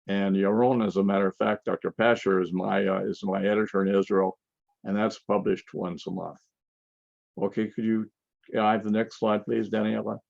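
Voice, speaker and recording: An older man giving a conference lecture with slides, talking in a halting way with frequent restarts and fillers. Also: lowish voice, flat delivery, vocal fry, darkish tone, no echo, muffled recording. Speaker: conference speaker.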